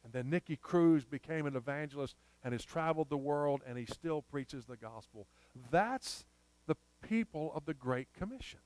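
A male preacher delivers a sermon in an emphatic storytelling manner, stretching out repeated phrases. His voice is smooth and slightly high. The sound is dry and close-miked. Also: expressive, moderate pace, darkish tone, no echo.

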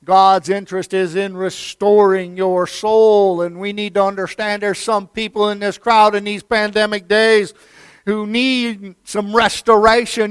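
Here a pastor gives a sermon in a high-sitting, level voice that is clear and resonant, keeping a measured pace with no room sound. He swings between booming emphasis and near-whispered lines, circles back to repeated phrases, and addresses the audience as "friend."

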